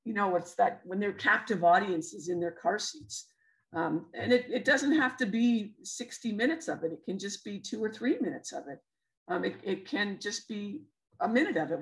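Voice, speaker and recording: A woman's voice: medium pitch, animated, moderate pace, low-quality recording. A woman with a Canadian accent presenting a literacy webinar, explaining step by step with many fillers and restarts. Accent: Canadian English.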